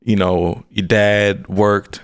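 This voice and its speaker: A man's voice: fairly low pitch, flat delivery, takes it slowly, smooth. A man co-hosting a podcast, who mostly backs the others up with short agreements and now and then makes a point in casual chat. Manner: supportive listener, lots of short agreements. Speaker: podcast co-host.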